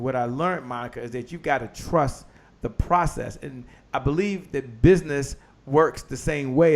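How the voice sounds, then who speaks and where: Energetic male motivational show host. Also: a little high. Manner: energetic, repeats words, exclamatory. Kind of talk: motivational live-stream talk.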